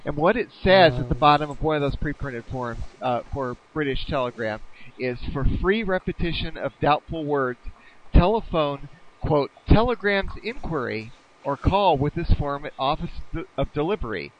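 A man's voice: fairly high pitch, lively intonation, moderate pace, slight background noise. A man co-hosting a casual podcast, explaining a detail in a pedantic, careful way with small laughs. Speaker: podcast co-host. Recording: dull lo-fi sound.

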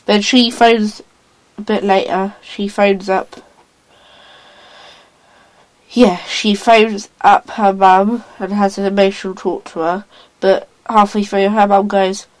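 A woman in casual chat, retelling a story in a rambling, excitable way, acting out lines as she goes. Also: medium pitch, unhurried, poor audio.

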